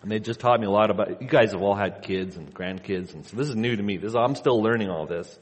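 A man in his thirties preaching a sermon in a church sanctuary, telling a relaxed story and often repeating himself. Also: lowish voice, fast talker, in a large hall. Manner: conversational storytelling, repeats words. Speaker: pastor.

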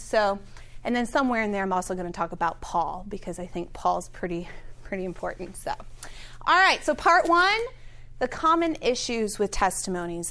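A woman speaking to a live audience, leading a prayer and then teaching in a conversational, animated way, chuckling between phrases and often saying um. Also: on the high side. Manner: conversational with frequent fillers. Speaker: speaker at a Christian gathering. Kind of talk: teaching talk with an opening prayer.

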